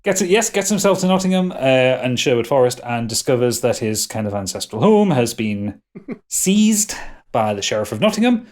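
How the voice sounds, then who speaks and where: A man's voice: mid-range voice, big pitch swings, moderate pace, a little mellow. A man co-hosting a podcast, ranting and swearing as he critiques a film. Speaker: podcast co-host. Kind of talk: casual podcast chat.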